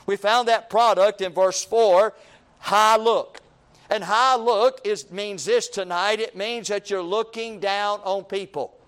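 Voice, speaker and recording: A man's voice: sits high, a bit bright, clear, resonant tone. A man preaching a sermon in a repetitive, rhythmic cadence, calling his listeners friend.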